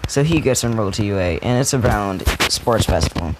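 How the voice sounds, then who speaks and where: Young man, casual storyteller, slangy and halting, noisy mic. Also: fairly low pitch, animated. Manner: loose, slangy, halting with fillers and restarts.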